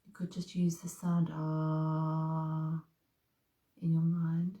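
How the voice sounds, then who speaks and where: A woman leading a slow guided breathing meditation in a soft, calm voice. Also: low voice, reverberant, poor audio. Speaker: meditation teacher.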